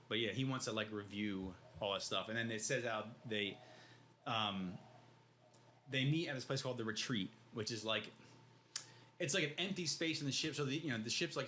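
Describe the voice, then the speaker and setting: A man co-hosting a podcast casually retells scenes from a book in loose, slangy language, acting out the characters' lines. He has a bright, forceful mid-range voice at normal speed, with slight background noise.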